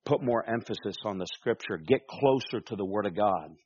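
Male pastor, lowish voice, emphatic sermon delivery, dry and slightly dull recording. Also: expressive, normal speed, darkish tone, husky, dry recording. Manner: emphatic, with calls for amen and rhetorical questions.

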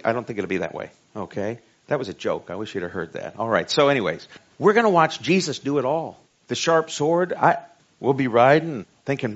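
A man with a Southern US accent preaching a sermon. He reads scripture slowly and emphatically, then jokes in a casual way. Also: mid-range voice, lively intonation. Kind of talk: sermon Bible study. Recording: dull lo-fi recording.

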